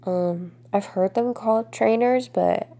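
A congested young woman from Florida chatting casually to camera, drifting into soft whispers between answers. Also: fairly high pitch, unhurried. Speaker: vlogger.

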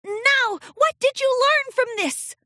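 A woman's voice: very high-pitched, takes it slowly, bright, forceful tone, no echo, studio quality, pitched above the performer's own voice, exaggerated voice. A woman voicing a strict, stern female unicorn headmistress in a storybook reading, speaking in a clipped, tight-jawed manner.

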